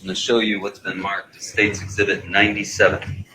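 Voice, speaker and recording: A man's voice: on the low side, level tone, fairly quick, bright, forceful tone, slight background noise, low-quality recording. A man working as a trial attorney, questioning a witness in a courtroom in a methodical, pointed way. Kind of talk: courtroom examination.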